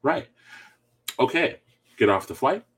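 A man telling a story in casual chat, animated and laughing often as he goes. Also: mid-range voice, measured pace.

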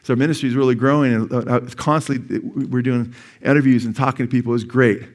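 A man's voice: medium pitch, steady tone, fast. A middle-aged male pastor preaching a sermon in a church, talking conversationally and asking the congregation questions.

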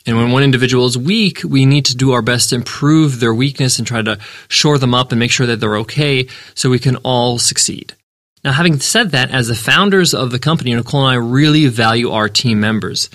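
A man's voice: mid-range voice, a little fast, fairly bright tone, dry recording, clean studio sound. A man hosting a business podcast, answering a listener's question in an earnest, emphatic way and repeating words for stress. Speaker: podcast host and business founder.

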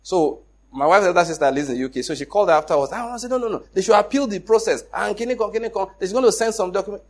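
A middle-aged Nigerian man with a Nigerian accent, telling a personal story in an animated way, acting out the dialogue and laughing often. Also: high voice, very fast. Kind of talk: casual storytelling.

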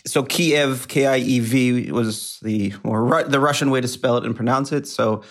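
Measured male journalist explaining. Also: mid-range voice, steady tone. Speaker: journalist guest. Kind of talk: explanatory interview answers.

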